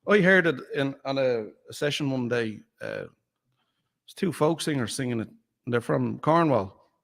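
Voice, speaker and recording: Irish man, singer-songwriter, folksy yarn-spinner, mid-pitched. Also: lively intonation, normal speed, creaky, a bit bright. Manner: storytelling, folksy turns of phrase. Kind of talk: casual chat.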